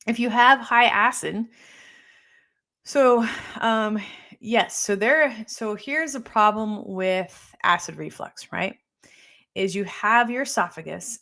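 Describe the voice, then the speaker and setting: A middle-aged woman health practitioner talks her viewers through their questions in a loose, conversational way. She keeps checking in with a quick "right?" as she goes. Her nose is running slightly. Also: medium pitch, vocal fry, fairly bright tone. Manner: casual, conversational, tags points with "right?". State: runny nose. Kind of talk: live Q&A talk answering viewer questions.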